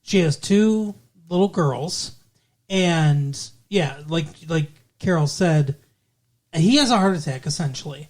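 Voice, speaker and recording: A man co-hosting a podcast talks casually and profanely about a movie, rambling as he reviews it. His slightly high voice is animated and a little mellow, at a slow pace.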